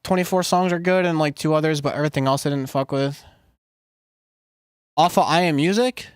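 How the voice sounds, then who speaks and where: A man streams casually, rambling to his chat in a loose, profane way full of filler words and answering live messages. His voice is on the high side and clean-toned, a little fast, captured in a dry, clean studio recording.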